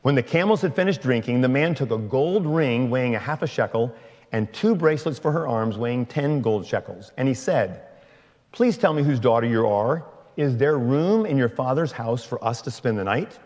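A man reading a long scripture passage aloud in a slow, measured way. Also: medium pitch, expressive, darkish tone, big-room sound. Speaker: scripture reader.

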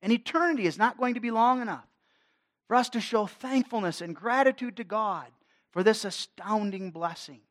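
A man's voice: sits high, moderate pace, fairly bright tone. A man preaching a sermon, his delivery swelling and dropping in force. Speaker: pastor.

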